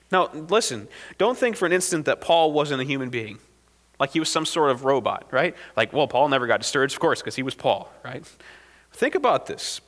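A male pastor delivers a sermon in a high, bright voice. He keeps it conversational, checking in with the congregation through quick "right?" asides. The sound rings out in a long church hall reverb.

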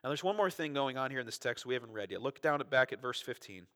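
A man's voice: medium pitch, fast talker. A man preaching a sermon, reading scripture expressively and explaining it in a conversational way with rhetorical questions and asides. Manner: expressive scripture reading, acting out quoted voices. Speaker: pastor.

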